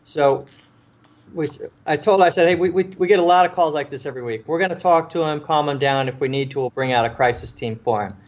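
Fast-talking and pitched on the high side, this man comes through a muffled recording. A police officer and author, he tells a tense story in an interview full of restarts and repeated words, vividly performing the voices he quotes.

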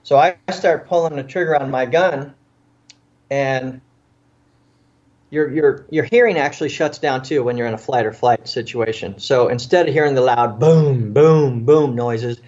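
A man's voice: mid-range voice, moderate pace, darkish tone, lo-fi sound. A man who is a former police officer, telling a personal story in an interview with earnest, vivid delivery. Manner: earnest, vivid storytelling that acts out what people said.

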